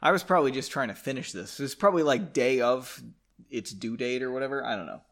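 A man's voice: medium pitch, fast talker, a bit bright. Sarcastic man mocking his own novel. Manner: sarcastic, profane, self-mocking. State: drinking. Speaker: podcast host reading his own novel. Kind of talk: comic read-aloud with asides.

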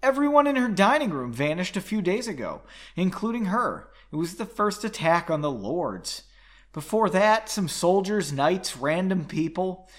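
A man's voice: high-pitched, big pitch swings, normal speed, voice pushed up. A man voicing a panicked young male alchemist who talks in a fearful, wailing way. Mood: defeated.

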